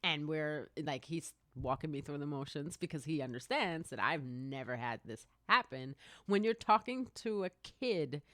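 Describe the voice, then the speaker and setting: A woman in her late thirties spins a casual story on her podcast, laughing often and swearing freely as she acts out other people's lines. Her voice sits on the low side, and the sound is close and dry with no room around it. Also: animated, normal speed, fairly bright tone, no room sound. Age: 30s. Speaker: podcast host. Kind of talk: casual anecdote telling.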